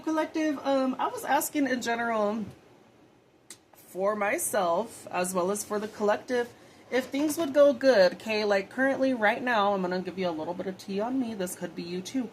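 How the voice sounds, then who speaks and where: Speaking in a mid-range voice over a rough recording with a bit of hiss or hum, a young woman reads tarot. She's chatty and casual, swearing freely and rambling with lots of fillers.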